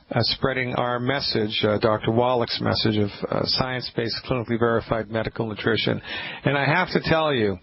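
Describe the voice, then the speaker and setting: Guy hosting a call-in radio show, rambly and emphatic, sounds kinda muffled with light hiss. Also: mid-range voice. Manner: emphatic, rambling, with frequent restarts. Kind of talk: casual call-in advice talk.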